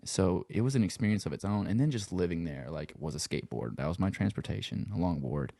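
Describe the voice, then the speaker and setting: Man, cajun accent, gravelly, dry close sound, laid-back rambling chat. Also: low voice, lively intonation, fast talker, mellow, no echo. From Louisiana. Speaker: podcast guest. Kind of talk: casual conversation.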